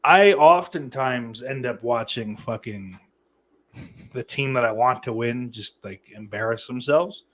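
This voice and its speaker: A man's voice: medium pitch, unhurried, a bit bright. A man hosting a live podcast stream, talking casually and sardonically with plenty of profanity and mock threats. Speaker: podcast host reading live chat.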